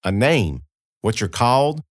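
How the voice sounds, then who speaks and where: A man's voice: mid-range voice, big pitch swings, a little slow, dry recording, clean studio sound. Man putting on a plainspoken young farm woman. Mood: coaxing.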